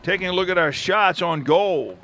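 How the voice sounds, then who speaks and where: A man's voice: sits high, normal speed, bright, forceful tone. A man calling a live football match from a commentary booth, chatting between plays. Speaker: play-by-play commentator. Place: stadium commentary booth with air conditioner.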